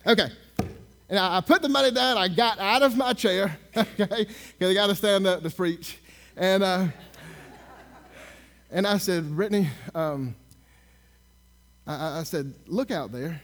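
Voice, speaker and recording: High-voiced man preaching with sarcasm. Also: unhurried, pauses often. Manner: sarcastic, animated storyteller who acts out dialogue. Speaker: minister. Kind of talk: storytelling sermon.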